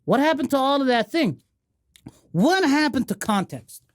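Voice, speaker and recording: A woman's voice: high-pitched, sing-song, normal speed. A woman raised in the Gulf, co-hosting a casual podcast chat as a comedian, rambling with many restarts and fillers. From United Arab Emirates.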